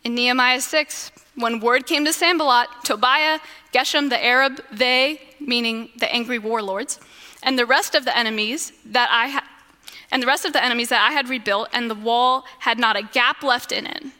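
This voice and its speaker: A woman giving an expressive devotional Bible talk, slowing to a deliberate refrain at times. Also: fairly high pitch. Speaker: devotional speaker. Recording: long echoing reverb.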